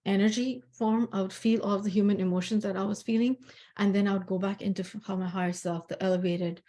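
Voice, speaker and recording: A woman in a spiritual healing talk tells a personal story, earnest and reflective, pausing with soft fillers. Her voice is mellow and warm, sitting at a middle pitch. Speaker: spiritual healer.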